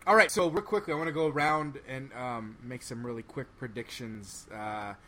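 Male host moderating a panel, brisk and upbeat. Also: mid-range voice, sharp tone, a little hiss or hum.

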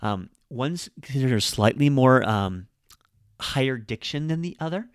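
An upbeat, chatty man hosts a casual grammar lesson, taking the example sentences slowly and carefully. His voice sits at a middle pitch and is recorded close and dry, with no room sound. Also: expressive, clear, resonant tone, no room sound. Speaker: podcast host and Japanese teacher.

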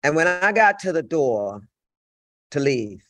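An older woman telling stories in a loud, animated and very profane casual chat. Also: sits low, unhurried, dry recording.

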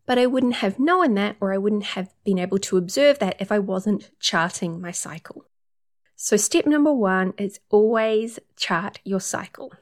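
A woman working as a period coach, talking through numbered tips in an upbeat, casual advice monologue. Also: mid-range voice.

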